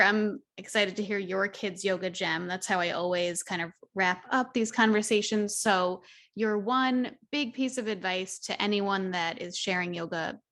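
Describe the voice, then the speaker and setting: A woman's voice: mid-range voice, fairly bright tone. A woman hosting a podcast interview, enthusiastic and affirming toward her guest. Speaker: podcast host.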